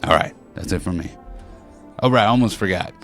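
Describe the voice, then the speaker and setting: A man's voice: low-pitched, fairly quick, a bit bright, faint music behind. A man playing a game and reading its characters aloud, joking and swearing between lines. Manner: goofy, swears and jokes between read lines. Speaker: gaming streamer.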